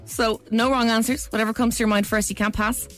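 A woman's voice: on the high side, level tone, quick pace. An Irish woman hosting a radio quiz, teasing and giggling, in a studio with music behind her. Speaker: radio host.

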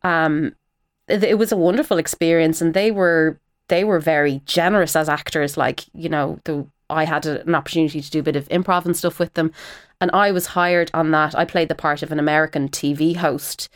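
A woman's voice: deep voice, a little fast. An Irish woman, an actor and former TV presenter, chatting animatedly as an interview guest. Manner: animated and chatty, with frequent fillers. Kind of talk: casual interview chat.

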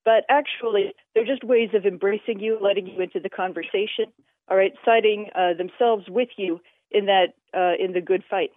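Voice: medium pitch, fairly even intonation, moderate pace, no echo. Interview guest, explanatory, frequent fillers, tinny phone sound, dry. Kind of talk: radio interview explaining language history. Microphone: telephone.

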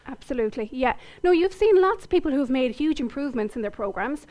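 A woman's voice: high voice, animated, fast, a little mellow. An Irish woman interviewed on the radio about her tech company, upbeat and confident. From Ireland. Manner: upbeat, confident business talk.

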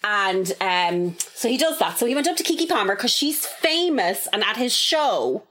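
A woman co-hosting a podcast, telling a gossip story in an animated, swearing, casual way. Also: medium pitch, normal speed. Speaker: podcast co-host. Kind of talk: casual chat.

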